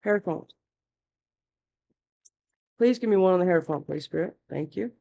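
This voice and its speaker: A woman's voice: on the low side, lively intonation, measured pace, creaky, warm tone, dull audio. A woman giving a casual tarot reading, talking bluntly and chattily, scolding and cursing freely. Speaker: tarot reader.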